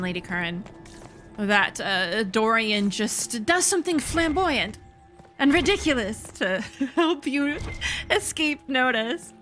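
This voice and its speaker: A woman hosting a gaming video, giving casual let's play commentary with quick, excitable exclamations. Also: a little high.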